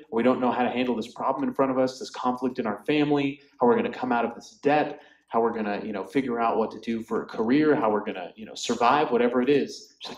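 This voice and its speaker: A man leads a Bible study in a relaxed, conversational way, packing his talk with fillers and asides. His voice sits at an ordinary middle pitch. The sound carries the echo of a roomy space. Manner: chatty, filler-heavy, often laughs. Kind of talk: casual Bible study teaching. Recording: echoey room.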